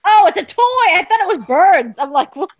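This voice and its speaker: A woman with a high voice that swings all over, chatting on a video call. She is animated and laughs easily as she talks with friends. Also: moderate pace, no echo. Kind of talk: casual chat.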